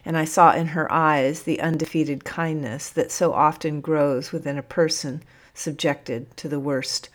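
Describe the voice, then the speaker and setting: A woman narrating a first-person story in a measured, reflective reading. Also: deep voice, fairly even intonation.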